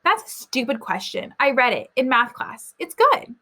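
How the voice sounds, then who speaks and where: A woman's voice: high voice, very animated, moderate pace, sharp tone, heavily acted. Mara, a blunt stubborn schoolgirl, read by a woman. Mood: defiant. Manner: blunt and defiant.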